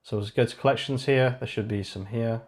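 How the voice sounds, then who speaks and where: A man's voice: medium pitch, steady tone, fairly quick. A man hosting a casual live-coding stream, reading chat aloud and muttering sarcastic asides as he works. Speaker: streamer building an online store.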